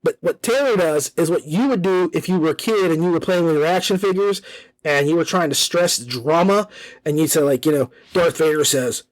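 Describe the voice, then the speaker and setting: A man's voice: fairly high pitch, a little fast, no room sound. A man hosting an audiobook review podcast, talking casually and enthusiastically, often repeating himself as he gushes.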